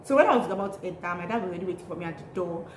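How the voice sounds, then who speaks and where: A woman's voice: lowish voice, expressive, racing. A young Nigerian woman vlogging in a bubbly, chatty way, laughing often as she tells a story. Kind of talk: casual chatty vlog. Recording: roomy echo, faint noise.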